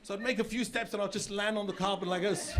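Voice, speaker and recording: A man's voice: sits high, fairly even intonation, fast, fairly bright tone. A middle-aged man with a South African accent doing a chatty stand-up comedy set, often repeating words as he builds a joke. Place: comedy club stage with live audience. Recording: live set with audience laughter.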